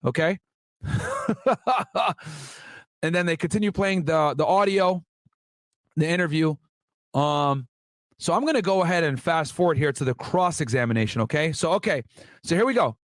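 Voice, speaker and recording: A man's voice: a little high, expressive, moderate pace, pauses often, no echo. A man and former federal agent telling a story in a casual vlog, reading out court transcripts with slangy asides to his viewers. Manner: chatty, addresses viewers as guys, slangy asides.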